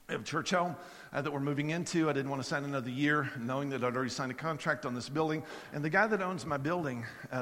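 A man's voice: fairly high pitch, a bit bright. A man preaching a sermon in a casual, conversational way, telling stories and often repeating words as he starts a sentence. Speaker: pastor. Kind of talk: sermon with storytelling. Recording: long hall reverb.

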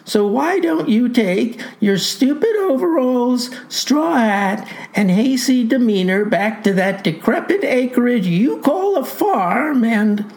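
A woman voicing an indignant young male prisoner who talks in a high, strained, insolent way. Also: animated, slow, hardly any pauses, a little mellow, low-quality recording.

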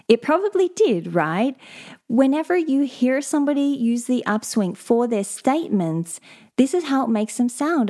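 A woman hosting a solo advice podcast, explaining speaking skills in a clear, measured and instructive way. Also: mid-range voice, a little mellow. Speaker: podcast host and voice coach.

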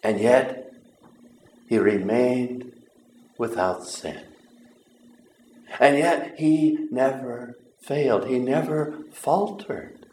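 Slow, earnest preacher in an echoey room. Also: male voice, medium pitch, a little mellow, a little hiss or hum. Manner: earnest, halting, with repeated words and long pauses. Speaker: pastor. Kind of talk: sermon. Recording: roomy echo.

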